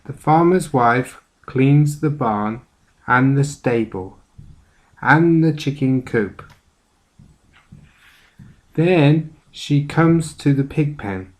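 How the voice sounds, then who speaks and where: A man's voice: medium pitch, slow. A male teacher reading a children's picture book aloud with careful storytelling.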